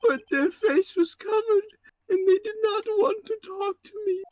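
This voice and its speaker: A man voicing a fretful, timid middle-aged male artist from a game, in a high, strained, whiny falsetto. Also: measured pace, darkish tone. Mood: anxious pleading.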